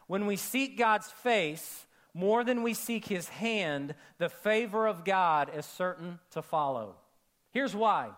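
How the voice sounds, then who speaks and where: A male pastor with a notably high voice preaches to a church congregation. He talks in an animated way, acts out the people he quotes, and sinks into hushed, intimate tones to drive home a point. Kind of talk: sermon.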